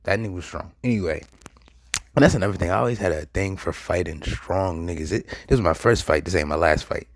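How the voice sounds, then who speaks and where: Deep-voiced man telling a story, casual. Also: brisk, no echo, clean studio sound. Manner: loose, slangy, animated, laughs a lot.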